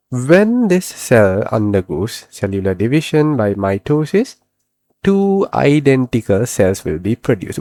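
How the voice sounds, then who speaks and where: A man giving a recorded biology lesson, asking questions and then answering them himself, and slowing down to stress key terms word by word. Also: mid-range voice, a little mellow, no echo. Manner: explanatory, asks and answers his own questions. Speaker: biology teacher.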